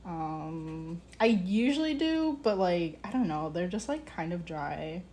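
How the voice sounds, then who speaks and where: A woman's voice: fairly low pitch, lively intonation, unhurried, darkish tone, a little hiss or hum. A young woman streaming live from her ceramics studio, chatting casually with many fillers and self-corrections while she works. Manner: distracted while working with clay. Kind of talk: casual working commentary.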